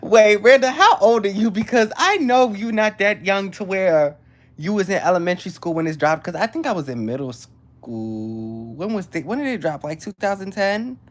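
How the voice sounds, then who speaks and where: A woman, hosting a casual livestream and chatting excitedly with viewers. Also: medium pitch, normal speed. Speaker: livestream host.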